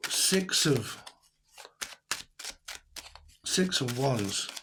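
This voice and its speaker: A man's voice: medium pitch, expressive, extremely slow, background noise. A man giving a casual tarot reading to camera, blunt and rambling, who swears and laughs often. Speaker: tarot reader.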